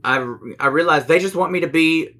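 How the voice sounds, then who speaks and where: A man's voice: on the high side, fairly quick, pushed and bright. A man co-hosting a podcast, giving opinions in casual chat and repeating points for emphasis. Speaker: podcast co-host.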